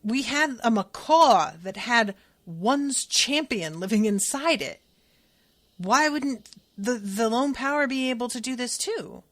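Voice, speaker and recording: A woman voicing a blunt, profane teenage boy wizard in a book recap, speaking forcefully and insistently. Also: fairly high pitch, animated, takes it slowly, voice pushed up, exaggerated voice. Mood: earnest.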